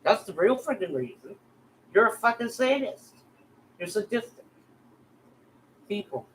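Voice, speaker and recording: A woman's voice: mid-range voice, very animated, unhurried, rough recording. Middle-aged woman vlogger, angry and profane, faint noise underneath. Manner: profane, heated, addresses bullies directly. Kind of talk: angry direct-to-camera rant.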